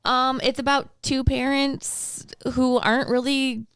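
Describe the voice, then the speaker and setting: A woman's voice: high-pitched, flat delivery, unhurried, fairly bright tone, smooth, no room sound, clean studio sound. A woman co-hosting a casual podcast, talking in a light, giggly way. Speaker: podcast co-host. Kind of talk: casual chat.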